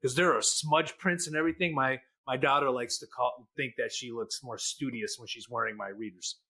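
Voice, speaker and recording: A man's voice: medium pitch, fairly even intonation, moderate pace, pushed and bright, husky. A middle-aged man with a Midwestern accent, co-hosting a casual podcast chat in a jokey, folksy storytelling way. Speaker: podcast co-host, lender.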